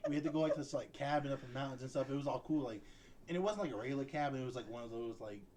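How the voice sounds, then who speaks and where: A man's voice: medium pitch, very fast, darkish tone, slight background noise. A young adult man co-hosting a podcast, telling rambling stories with lots of fillers and frequent laughter. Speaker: podcast co-host. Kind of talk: casual chat.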